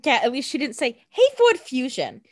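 A woman's voice: sits high, wildly swooping pitch, moderate pace, dry recording. Young woman cracking dry asides. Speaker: podcast co-host. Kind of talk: casual TV episode recap.

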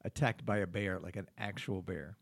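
A man's voice: low voice, moderate pace, creaky, a little hiss or hum. A man hosting an improvised comedy podcast, teasing his guest with playful questions. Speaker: podcast host.

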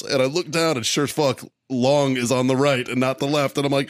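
A man's voice: fairly high pitch, lively intonation, fast, fairly bright tone, dry recording. Man, podcast co-host, laid-back profane storyteller, dry close mic. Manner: laid-back, swears a lot, laughs at own story. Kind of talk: casual storytelling with cursing.

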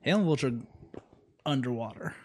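A man's voice: medium pitch, expressive, moderate pace, darkish tone. A man co-hosting a podcast in casual chat, from the Southern United States, joking and rambling with lots of fillers. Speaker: podcast co-host.

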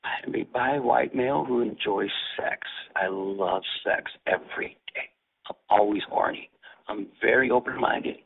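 Gravelly whispering man on a phone line. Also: fairly low pitch, unhurried. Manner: breathy, whispering, eager. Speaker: chatline caller.

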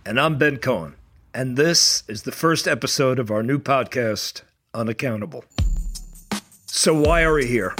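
A man's voice: medium pitch, moderate pace, a bit bright, soft background music. Indignant male podcast co-host. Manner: indignant, earnest, casual. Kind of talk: conversational podcast talk.

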